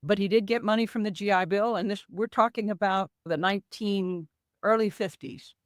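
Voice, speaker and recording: A woman's voice: medium pitch, normal speed, dry recording, clean studio sound. An older woman, a podcast guest who tells stories animatedly and acts out quoted dialogue. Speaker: co-author guest. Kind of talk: conversational podcast interview.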